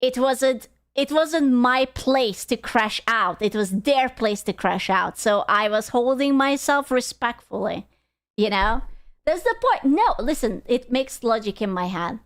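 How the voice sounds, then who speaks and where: A woman's voice: a little high, measured pace, a bit bright. A young woman live-streaming, chatting casually in a rambling way, swearing freely and laughing often. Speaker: VTuber streamer.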